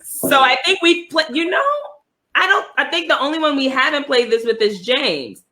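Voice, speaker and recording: A woman with a New York accent co-hosting a casual chat, talking in an animated, rambling way and laughing often. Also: high voice, normal speed. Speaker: co-host. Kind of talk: casual chat on a video call.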